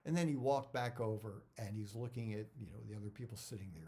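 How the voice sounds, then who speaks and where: Middle-aged actor guy chatting tips, warm mellow voice, keeps repeating himself and wandering off. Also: on the low side, quick pace, hardly any pauses, slight background noise. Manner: rambling, repeats words, digresses. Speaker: actor sharing career advice. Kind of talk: casual talk to camera.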